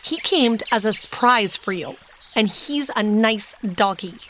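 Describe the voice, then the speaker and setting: A woman voicing an eager, excited little boy in a storybook reading, talking high and shouting with glee. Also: measured pace, slight background noise.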